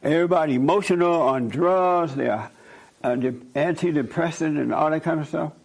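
A man's voice: fairly high pitch, moderate pace, vocal fry, low-quality recording. A man who works as a counselor, telling stories in a casual, emphatic way and acting out both sides of conversations. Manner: emphatic, repetitive, quotes himself and others in dialogue. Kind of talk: informal storytelling talk.

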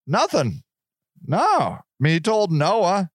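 A man's voice: high-pitched, sing-song, slow, no room sound, studio quality. A man in his sixties hosting a podcast, ranting in a profane, sarcastic way and laughing at himself. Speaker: podcast host. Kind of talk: casual ranting monologue.

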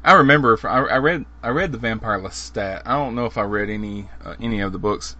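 Male podcast host, low-pitched but bright and forceful, loose and chatty. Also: quick pace, lo-fi sound. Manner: rambling, laughs easily. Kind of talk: casual chat.

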